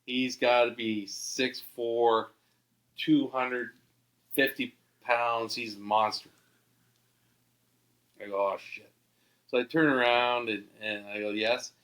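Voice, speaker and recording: A man from Canada, a podcast guest, telling an animated, excitable anecdote. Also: medium pitch, takes it slowly, long pauses. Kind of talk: storytelling anecdote.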